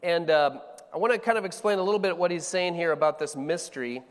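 Higher-voiced pastor from Colorado. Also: male voice, quick pace, big-room sound. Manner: casual, conversational, with frequent fillers and restarts. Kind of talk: sermon teaching.

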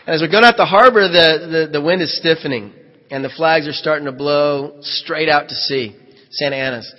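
A man's voice: a little high, moderate pace. A man, a pastor, telling a vivid first-person story in a sermon and acting out the dialogue. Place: church hall. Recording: echoey hall, dull lo-fi sound.

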